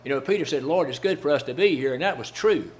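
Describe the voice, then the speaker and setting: A man's voice: a little high, lively intonation, fast, a little hiss or hum. A man preaching a sermon as a Baptist preacher, repeating phrases for emphasis, quoting old-style scripture and asking his listeners rhetorical questions. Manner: quotes King James scripture.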